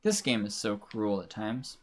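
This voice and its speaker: A man's voice: on the low side, sing-song, a little slow, a little hiss or hum. A man giving casual, rambling commentary while live-streaming a racing game, grumbling and swearing at it. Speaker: livestreamer.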